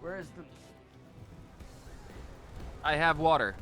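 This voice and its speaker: A man streaming a game, chatting casually in an animated, joking way with frequent stammering restarts. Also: fairly high pitch, takes it slowly, long pauses, faint music behind. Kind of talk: casual gaming commentary.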